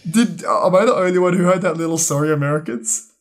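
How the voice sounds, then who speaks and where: A man's voice: high-pitched, quick pace. A man co-hosting a podcast, telling stories and laughing often in casual banter. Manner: laughs often, chatty storytelling. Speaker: podcast co-host.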